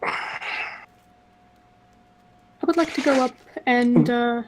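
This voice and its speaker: A woman playing a tabletop game, speaking in a measured, polite way. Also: fairly high pitch, slight background noise, rough recording. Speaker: player. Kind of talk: casual chat in a tabletop game.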